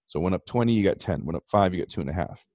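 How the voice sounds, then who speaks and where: A man's voice: sits low, very fast, dry recording. A man hosting a podcast, explaining finance numbers in a casual, emphatic way. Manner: animated, emphatic, talks through numbers. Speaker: podcast host.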